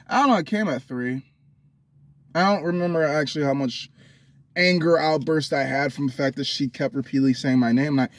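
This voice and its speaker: A man's voice: a little high, no echo. A man telling a candid personal story to his viewers, blunt and profane, rambling with restarts. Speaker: vlogger.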